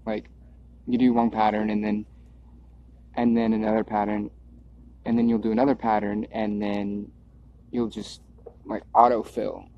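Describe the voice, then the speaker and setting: A man's voice: fairly low pitch, level tone, a little slow, long pauses. A man rambling in a stream-of-consciousness monologue, drifting, repeating words and circling back on his thoughts. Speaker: video creator. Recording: dull lo-fi recording.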